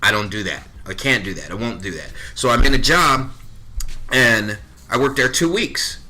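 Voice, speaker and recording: With lively intonation and a pushed, bright, medium-pitched voice, a man in his thirties tells a story at a moderate pace as a podcast guest. His casual delivery is blunt and full of swearing, and he acts out both sides of conversations.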